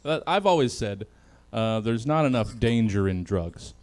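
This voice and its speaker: Laughing comedy host with lively pitch. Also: male voice, measured pace. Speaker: comedy panel show host. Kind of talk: loose comedic hosting.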